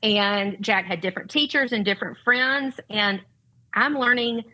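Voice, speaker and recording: In a podcast conversation, a middle-aged guest who is a parent and educator speaks with a Southern US accent, earnest, heartfelt, and faith-centered. Her mid-range voice sounds pushed and bright at a moderate pace, and the recording is rough.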